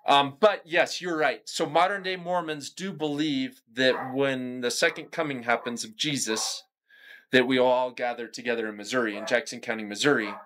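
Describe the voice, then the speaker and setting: A man's voice: mid-range voice, fairly even intonation, normal speed, a bit bright. A young adult man from California, guest in a casual conversation, talking in a loose chatty way full of fillers. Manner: chatty, lots of "like" and "you know".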